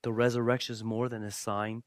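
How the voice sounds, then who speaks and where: A male pastor preaching a sermon with jokey asides to the congregation, swinging from loud bursts to hushed, near-whispered lines. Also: fairly low pitch, little pitch movement, a little fast, dry recording.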